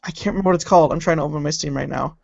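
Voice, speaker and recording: A man co-hosting a podcast chats in a fairly high voice, excitable and easily sidetracked. The sound is dull and lo-fi, close and dry with no room around it. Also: very fast, vocal fry, dry recording. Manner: chatty, excitable, trails off while searching. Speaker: podcast co-host. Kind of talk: casual chat.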